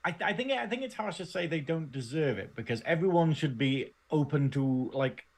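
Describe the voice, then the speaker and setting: A man's voice: fairly high pitch, normal speed. A man with a Northern English accent, co-hosting a casual podcast, joking around and laughing often. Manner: jokey, laughs often, lively. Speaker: podcast co-host.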